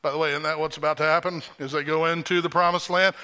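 A male pastor preaching a sermon at a church service, animated and emphatic, throwing out rhetorical questions to the congregation. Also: a little high, quick pace, smooth.

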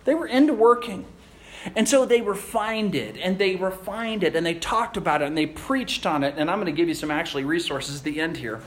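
Preacher, man, high and very expressive pitch, animated storyteller in the pulpit. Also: a little fast. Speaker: pastor. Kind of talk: sermon.

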